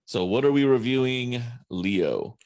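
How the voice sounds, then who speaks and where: A man's voice: medium pitch, lively intonation, unhurried, darkish tone. A man hosting a podcast in casual banter, steering the topics with self-deprecating jokes. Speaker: podcast host.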